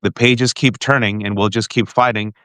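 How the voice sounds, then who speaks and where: A man hosting a show and telling an emotional family story to his guest with animated energy, often restarting his sentences. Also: lowish voice, normal speed, clean tone, no echo. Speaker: podcast host. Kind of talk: heartfelt personal storytelling to a guest.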